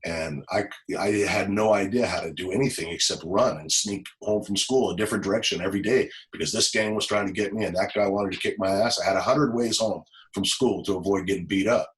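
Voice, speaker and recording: A man from Los Angeles, a former police officer, telling an emotional personal story in an interview, halting and repeating words as he goes. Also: low-pitched, poor audio.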